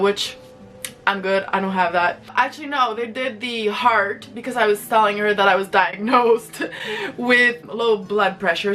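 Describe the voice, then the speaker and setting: A young woman talks to her camera at home in a loose, rambling vlog confession, leaning on "like" and restarting her sentences. Her voice sits mid-range but rings bright and a little tense. Faint music hums underneath. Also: mid-range voice. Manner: rambling, frequent "like" fillers and restarts. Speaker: vlogger. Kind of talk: candid personal confession to camera.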